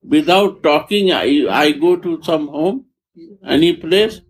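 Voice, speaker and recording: A man giving a spiritual discourse in halting, repetitive English, often restarting his phrases. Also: a little high, poor audio. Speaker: spiritual teacher.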